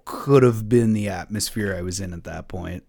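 A man co-hosting a casual podcast, telling a story in an animated way and swearing freely. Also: low voice, moderate pace, creaky, background noise. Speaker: podcast co-host. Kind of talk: casual chat.

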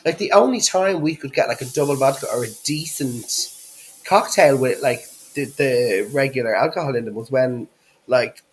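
A man's voice: mid-range voice, normal speed, slight background noise, rough recording. A man from Dublin with an Irish accent, a podcast guest chatting casually, giggly, swearing freely and filling his talk with "like". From Ireland, Dublin. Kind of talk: casual chat.

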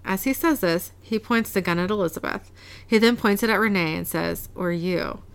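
A woman's voice: mid-range voice, moderate pace, creaky, smooth. A woman casually recapping a TV episode, narrating scenes and quoting characters' lines, often laughing. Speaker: podcast co-host recapping an episode. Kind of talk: casual chat, reading scenes aloud.

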